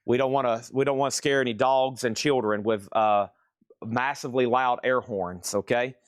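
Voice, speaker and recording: A man hosting a live online record sale in a room full of record crates, energetically rattling off bids and prices in a fast selling patter. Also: medium pitch, fairly even intonation, clear, resonant tone, dry recording, clean studio sound. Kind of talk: live sales stream patter.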